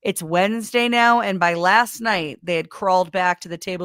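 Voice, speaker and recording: A woman co-hosting a news talk show, reading stories and tossing in sarcastic jokes. Her pitch sits in the middle of the range, and she often trails off while hunting for the next item. The recording is dry and close. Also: normal speed, a bit bright, smooth, no room sound. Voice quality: sarcastic, jokey, trails off when searching. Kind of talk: casual news commentary.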